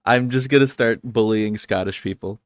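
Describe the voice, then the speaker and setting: A man's voice: medium pitch, wildly swooping pitch, unhurried, dry recording. A man co-hosting a casual podcast, who laughs often, swears freely and pokes fun at himself. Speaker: podcast co-host.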